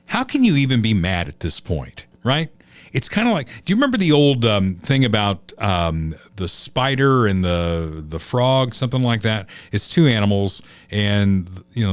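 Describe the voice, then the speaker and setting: A man's voice: lowish voice, sing-song, unhurried, no room sound. A man hosting a political talk podcast, chatty and opinionated, telling stories as he goes. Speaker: podcast host.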